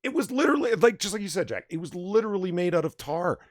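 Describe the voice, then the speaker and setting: A man hosting a casual late-night livestream chat, animated and blunt, swearing and reading out viewer tips. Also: high-pitched, fast talker, no room sound. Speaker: livestream bar host.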